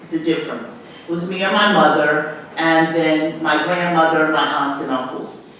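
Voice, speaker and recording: A woman who is a professor and storyteller, telling childhood memories in an animated way and laughing between them. She is recorded from far off in an echoey hall at a live event. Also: sits low, moderate pace, slight background noise. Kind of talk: storytelling talk. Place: arts venue, live discussion.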